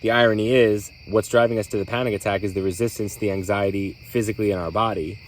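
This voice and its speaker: A man's voice: lowish voice, fairly even intonation, fast talker, a little hiss or hum, poor audio. A man hosting a podcast, talking candidly in a rambling, reflective way with many fillers. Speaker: podcast host. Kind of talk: reflective solo talk.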